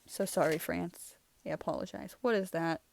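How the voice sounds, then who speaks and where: A woman's voice: lowish voice, steady tone, normal speed, creaky, a little mellow, slight background noise. Chatty young woman reviewing her old sketches. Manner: chatty, rambling, laughs often. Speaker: channel host. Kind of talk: casual art review chat.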